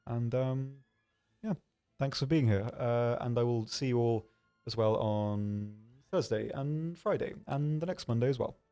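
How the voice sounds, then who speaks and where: A man hosting a livestream, answering viewer questions in a hesitant, rambling way with dry, deadpan humor. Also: medium pitch, a little slow. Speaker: livestream host.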